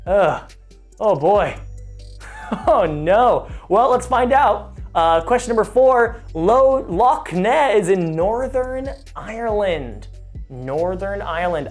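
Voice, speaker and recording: A man hosting a live trivia game stream, chatty and self-mocking, stumbling over place names as he reads the questions. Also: high-pitched.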